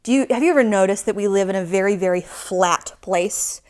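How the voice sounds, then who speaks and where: Speaking to small kids in a yoga class, this woman from Michigan is lively and playful. She has a mid-range voice and moves at a brisk pace.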